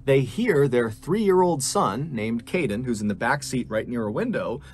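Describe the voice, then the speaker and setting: A man narrating a true missing-person story in a steady storytelling manner that builds suspense. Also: mid-range voice, normal speed, slight background noise.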